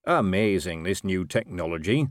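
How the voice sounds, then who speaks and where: A man's voice: deep voice, animated, normal speed, no echo, studio quality. Man doing a shrewd street vendor. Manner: careful, knowing. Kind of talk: audiobook character voice.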